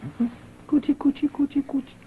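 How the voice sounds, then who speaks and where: A woman's voice: a little high, wildly swooping pitch, a little slow. An actress in a 1980s TV soap opera, pleading and cooing at a baby while she tries to phone. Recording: old TV broadcast, muffled with hiss.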